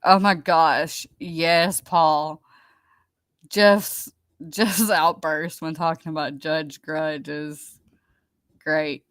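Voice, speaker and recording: A woman's voice: low-pitched, steady tone, extremely slow, fairly bright tone, smooth, no room sound. A woman hosting a live stream, chatting casually with viewers in a rambling, chatty way. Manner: rambling, chatty, laughs easily.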